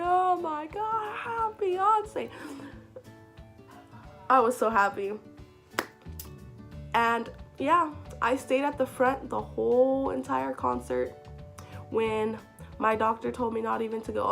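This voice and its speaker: Young woman, casual storytime vlog, chatty, excitable, high-ish voice, faint music underneath. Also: creaky. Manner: chatty, fillers of like, excited retelling. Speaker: vlogger.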